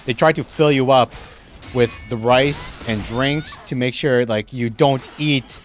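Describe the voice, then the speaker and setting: Faint music sits behind a man streaming a game in a mid-range voice at a measured pace. He chats loosely, restarting sentences and using plenty of fillers, sometimes eating while he talks, and laughs easily as game moments excite him.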